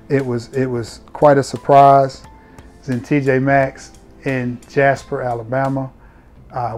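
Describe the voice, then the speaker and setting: A man's voice: mid-range voice, a little mellow. Chatty man reviewing fragrances. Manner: chatty, playful, addresses viewers directly. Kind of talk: casual review vlog.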